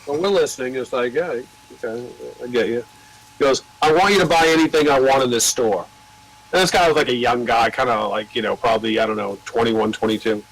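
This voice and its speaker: A man's voice: medium pitch, a little fast, fairly bright tone, low-quality recording. An older American man who owns a record label, telling long rambling anecdotes with swearing and acting out the voices of the people he quotes. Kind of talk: casual storytelling.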